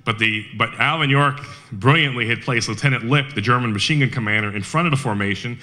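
A man giving a lively storytelling talk about a battle, acting out quick quoted lines of the people in it. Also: medium pitch. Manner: animated storyteller, quick quoted asides in character. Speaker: historian speaker. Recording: radio broadcast of a live talk.

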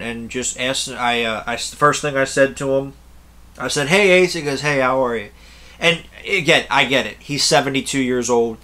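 Blunt, rambling man with a bright voice. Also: medium pitch. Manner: rambling, blunt, swears freely. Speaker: concert reviewer. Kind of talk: casual storytelling to camera.

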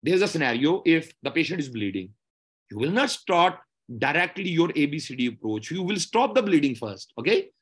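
A man with a fairly high, slightly husky voice lectures on the steps of a medical exam, his pitch rising and falling in a sing-song way at a moderate pace. He's repetitive and explanatory, going over points again and frequently asking "okay?" to check understanding.

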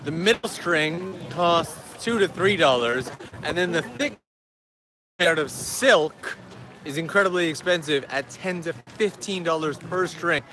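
A man's voice: fairly high pitch, lively intonation, measured pace, pushed and bright, slight background noise. Chatty male livestream host, outdoors. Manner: chatty, answers viewer questions while walking. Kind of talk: casual live-stream chat. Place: outdoors in a park.

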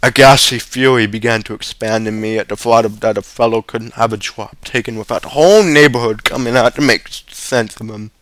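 A man reading a short story aloud as narrator, steady with occasional small stumbles. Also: medium pitch, a little fast, hardly any pauses, no echo. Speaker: story reader.

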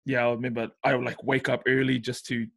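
A man's voice: mid-range voice, flat delivery, fast talker, creaky, fairly bright tone. Laid-back New Zealand man hosting a podcast. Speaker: podcast host. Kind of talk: casual chat.

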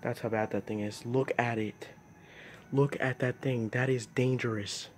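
A man's voice: medium pitch, steady tone, moderate pace, a little hiss or hum. Jumpy young man filming outdoors at night. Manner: jumpy, exclaiming, squeamish. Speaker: nature vlogger. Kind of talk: casual vlog narration.

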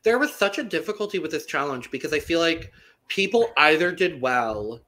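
A man's voice: fairly high pitch, lively intonation, moderate pace, bright, forceful tone, low-quality recording. A man hosting a casual podcast chat, steering topics in a playful, blunt way. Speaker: podcast host.

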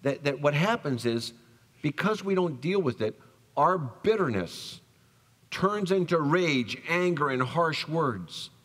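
A male pastor preaching a sermon, telling the story with animated acted-out voices and dropping soft for tender lines. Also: fairly high pitch, takes it slowly. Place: church sanctuary. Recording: long church reverb.

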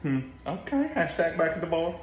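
A man's voice: a little high, very animated, brisk, muffled recording, a little hiss or hum. A man co-hosting a casual live shopping chat for a boutique, playful and joking as he shows off clothes. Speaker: boutique co-host. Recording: echoey room.

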